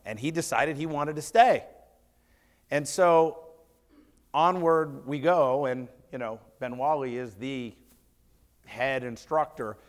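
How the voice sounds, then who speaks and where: A man's voice: mid-range voice, slow, pauses often. A man speaking at a business seminar, telling a story and acting out his conversations with staff, with many restarts. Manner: animated storyteller acting out dialogue, lots of restarts. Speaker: seminar speaker, martial arts school owner. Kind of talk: storytelling talk to a seminar audience.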